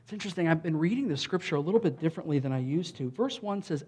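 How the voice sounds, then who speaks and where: High-pitched guy preaching a sermon, chatty, lots of "like" and "right?", gets loud on the scripture bits. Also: lively intonation, very fast, a little hiss or hum. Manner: conversational preaching with frequent "like" and "right?"; loud emphatic bursts when reading scripture. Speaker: pastor.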